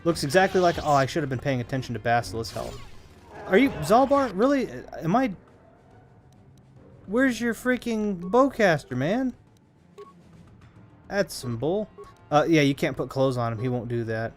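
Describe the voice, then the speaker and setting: A male streamer with a somewhat high, expressive voice chats casually with viewers as he plays a video game, speaking at a moderate pace with long pauses. He rambles and hums between remarks, with soft music playing in the background.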